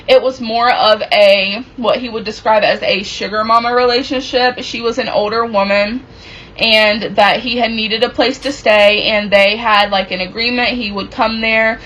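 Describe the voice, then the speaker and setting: A woman casually telling a personal story from her relationship, animated and acting out what people said. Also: on the high side, moderate pace, a little hiss or hum, rough recording. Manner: animated, reenacts quoted dialogue.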